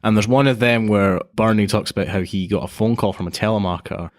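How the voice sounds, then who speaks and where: A man's voice: lowish voice, quick pace. A man co-hosting a podcast in casual chat, telling stories animatedly and acting out what people said. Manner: animated storyteller, acts out quotes.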